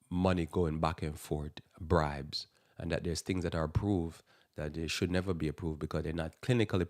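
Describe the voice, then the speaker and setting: A man's voice: low-pitched, a little mellow, no room sound, studio quality. A man hosting a live Christian morning radio talk show, rambling and restarting his sentences as he speaks. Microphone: radio studio mic.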